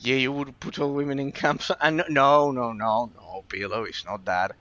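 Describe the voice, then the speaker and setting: Guy streaming, bright forceful voice, keeps repeating himself and tripping over words. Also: mid-range voice, fairly even intonation, moderate pace, dull audio. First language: Spanish. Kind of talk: casual stream chat with viewers.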